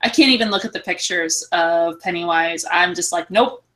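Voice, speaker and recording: A woman in her forties co-hosting a podcast, telling stories in an animated, giggly way. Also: fairly low pitch, normal speed. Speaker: podcast co-host. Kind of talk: casual chat.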